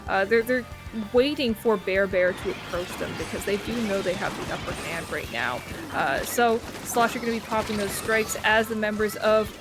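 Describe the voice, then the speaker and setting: A woman's voice: medium pitch, animated, normal speed, hardly any pauses, over music. A woman casting a live game tournament in a chatty, teasing manner. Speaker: esports commentator.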